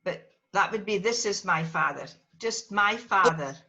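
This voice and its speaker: A woman's voice: mid-range voice, animated, unhurried, bright, forceful tone. A woman teaching a language class, patiently calling on students by name and correcting their pronunciation. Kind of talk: classroom lesson with learners. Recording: dull lo-fi recording.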